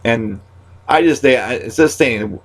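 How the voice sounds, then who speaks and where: A stand-up comic in his thirties talks to camera at medium pitch and a measured pace. His monologue is loose and rambling, full of restarts and pet catchphrases. When he talks about loss, he grows quiet and subdued.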